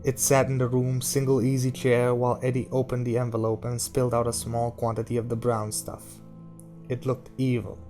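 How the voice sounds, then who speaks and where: A man reading a novel aloud in a steady, measured narrating voice. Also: medium pitch, soft background music. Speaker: audiobook reader.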